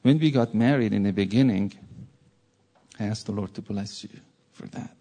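Male preacher, earnest sermon delivery; dark, mellow tone with a husky grain. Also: on the low side, normal speed. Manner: earnest, repeats words for stress. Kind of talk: sermon with a personal story.

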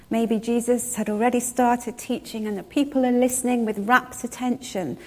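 A woman preaching a sermon, retelling a story in a measured way and slowing down to stress key words. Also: a little high, mellow.

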